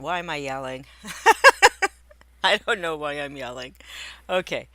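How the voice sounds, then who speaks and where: A woman with a bright, forceful voice chats on a live stream from home. She rambles and cuts herself off mid-thought as she fiddles with her setup, talking half to viewers and half to herself. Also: deep voice, very animated, takes it slowly, long pauses. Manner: rambling, self-interrupting, talking to herself while setting up. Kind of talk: casual live-stream chat. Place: indoors at home by a window.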